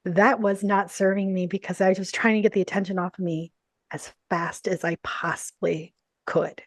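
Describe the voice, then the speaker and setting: A woman's voice: medium pitch, normal speed, no room sound. Chatty woman coach, lots of "like" and "you know", laughs a lot, dry sound. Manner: animated storyteller, laughs often. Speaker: guest, business and storytelling coach. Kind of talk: casual interview.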